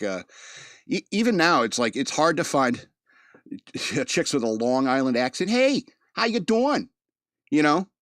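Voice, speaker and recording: A man's voice: mid-range voice, a bit bright, no room sound, studio quality. Rambling man with a mid-Atlantic American accent. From East Coast of the United States. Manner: rambling, joking, laughs often. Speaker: podcast host. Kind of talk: casual monologue.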